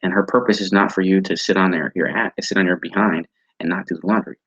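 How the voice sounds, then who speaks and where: A man with a low, husky voice teaches an online training class over a video call. He talks in a halting way, repeating words and restarting his sentences. The sound is dry and dull, like lo-fi call audio. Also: fairly even intonation, a bit bright, no room sound. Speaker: instructor.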